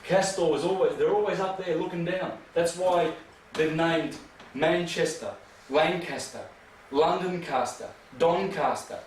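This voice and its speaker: Man, emphatic rambling lecturer, slightly high voice, distant echoey room recording. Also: unhurried. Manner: emphatic, rambling, rhetorical questions. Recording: echoey room from far off, faint noise.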